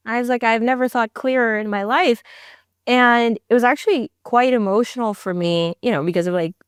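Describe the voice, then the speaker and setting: A woman's voice: fairly quick, clear, resonant tone, no room sound, clean studio sound. A woman guest and startup founder telling a personal story in an interview, acting out quoted dialogue with big leaps in her voice. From immigrated to the United States. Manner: animated, acts out quoted dialogue with big pitch jumps.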